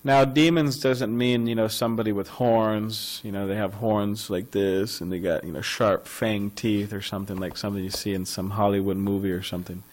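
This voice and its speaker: A man's voice: fairly low pitch, fairly even intonation, moderate pace, few pauses, poor audio. A man giving a scripture class in a temple ashram, talking in a loose, conversational way with chuckles and asides.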